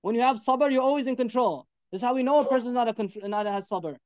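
A man with a very high voice delivers a sermon at a rapid clip, pressing each point home by repeating it. His words come through dry and close, with little room sound. The recording is a little dull and muffled. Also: darkish tone, no echo. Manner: emphatic, repetitive exhortation. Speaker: preacher.

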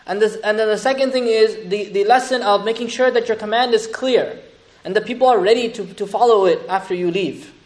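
A male Islamic teacher delivers a lively, chatty sermon. His speech is rapid and his voice sits high. He slips Arabic phrases into the flow. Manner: animated, conversational, sprinkles Arabic terms. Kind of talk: sermon, storytelling commentary.

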